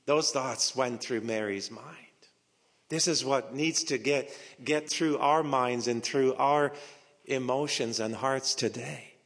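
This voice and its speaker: In a sermon with theatrical delivery, a male preacher alternates whispered hush with emphatic climaxes, keeping a slow, measured pace and repeating key phrases. He speaks at a medium pitch, and the audio has a long hall reverb.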